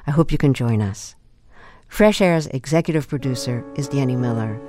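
A woman radio host speaking clearly and in a measured way as she reads the closing announcements. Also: deep voice. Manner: measured, clear broadcast delivery.

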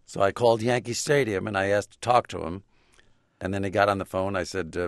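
A man's voice: low voice, fairly even intonation, brisk, no room sound. A man, a guest in a radio interview, telling stories in a dry, self-amused way. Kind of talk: interview storytelling.

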